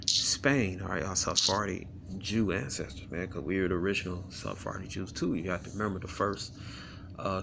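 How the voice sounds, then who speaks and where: A man's voice: sits low, creaky, background noise. A man reading Bible verses aloud and explaining them in a casual, rambling way, often tagging "man, all right?" onto his sentences. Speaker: scripture teacher. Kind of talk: casual scripture study talk.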